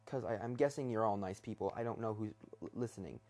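A man's voice: on the low side, fast talker, darkish tone. A young man hosting his first solo talk episode, rambling hesitantly from his bedroom with many fillers and restarts. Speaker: podcast host.

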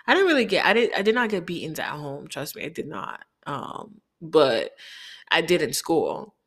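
A woman's voice: low voice, very animated, measured pace, fairly bright tone, slightly rough. A woman from Haiti telling a candid, reflective personal story, often quoting people in dialogue.

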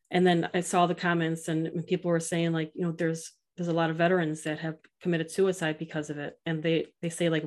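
A middle-aged woman talking earnestly as a podcast guest, telling stories and quoting others in an animated way. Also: low voice. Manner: earnest, animated storytelling with quoted voices. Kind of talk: casual interview chat.

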